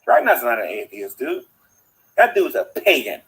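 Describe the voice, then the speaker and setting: A man's voice: mid-range voice, wildly swooping pitch, moderate pace, vocal fry, a bit bright, a little hiss or hum, poor audio. Preachy, indignant man ranting into his phone. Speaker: online commentator.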